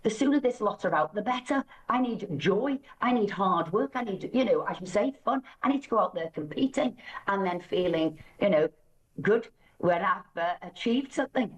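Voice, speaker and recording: A woman's voice: medium pitch, moderate pace, distant mic, rough recording. A middle-aged woman, a politician guest on a radio show, speaking firmly and emphatically. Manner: firm, emphatic, with lively rises. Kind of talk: studio interview.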